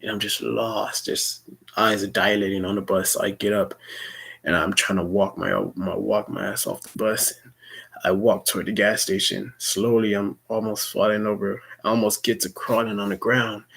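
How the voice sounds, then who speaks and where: A man's voice: fairly low pitch, level tone, moderate pace, vocal fry, a bit bright, breathy edge. A young man rambling through a personal story, swearing often and stumbling over repeated words. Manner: rambling, profane, stammering restarts.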